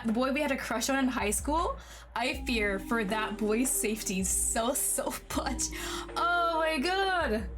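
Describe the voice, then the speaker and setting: A woman streamer chats through a game she is playing. She reacts in an animated, over-the-top way, and her voice sits somewhat high. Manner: animated, swearing, reacting with exaggerated disbelief. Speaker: streamer playing a visual novel. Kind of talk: casual game commentary.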